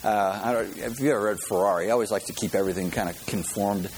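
A man's voice: on the low side, quick pace, darkish tone, a little hiss or hum. A man giving a conversational sermon to a congregation, acting out the voices of the people he quotes. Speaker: pastor.

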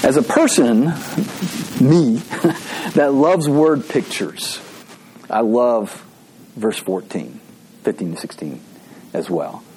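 A male pastor leads a relaxed Bible study, talking eagerly and wandering into side remarks. His voice sits at an ordinary middle pitch, and he often restarts his sentences as he goes. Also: slow, pauses often, a little hiss or hum, low-quality recording. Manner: eager, chatty, many asides and restarts. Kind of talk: casual Bible study teaching.

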